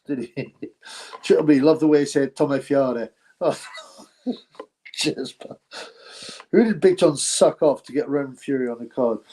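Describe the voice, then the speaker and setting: A man's voice: medium pitch, gravelly, dark tone, breathy edge, poor audio. Rambling man chatting about boxing. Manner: rambling, crude banter with chuckles and fillers. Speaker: boxing podcast host reading chat. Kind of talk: casual live-stream chat.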